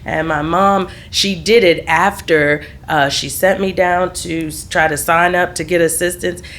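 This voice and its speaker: A woman's voice: fairly low pitch, fairly even intonation, measured pace, fairly bright tone. A middle-aged woman, a podcast guest, telling her life story in candid conversation and laughing easily. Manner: laughs readily, trails off and restarts.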